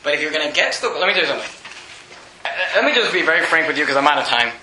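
A man, a pastor, preaching an impassioned sermon, often shouting and then dropping to a hush. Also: fairly high pitch, big pitch swings, rapid-fire, roomy sound, background noise. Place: church sanctuary.

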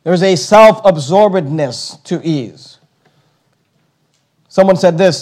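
Emphatic high-voiced preacher. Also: male voice, a little mellow. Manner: emphatic, slows on key words, repeats himself. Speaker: pastor. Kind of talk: sermon.

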